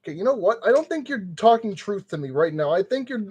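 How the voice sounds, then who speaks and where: A man's voice: sits high, big pitch swings, fast talker, a little mellow, husky. A man streaming as he builds a kit, muttering to himself with playful, goofy made-up exclamations, sweaty in the summer heat. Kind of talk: casual live-stream commentary.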